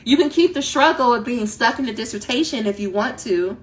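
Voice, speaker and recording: A woman dissertation coach giving a direct, animated talk that acts out her students' inner voices. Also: a little high, brisk.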